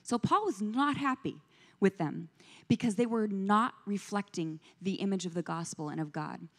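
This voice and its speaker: A woman's voice: mid-range voice, normal speed. A woman who is a pastor's wife, giving a conversational sermon as a guest speaker, telling stories and asking the audience questions. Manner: storytelling, asks the audience questions. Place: church sanctuary, indoors. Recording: long reverb of a church hall.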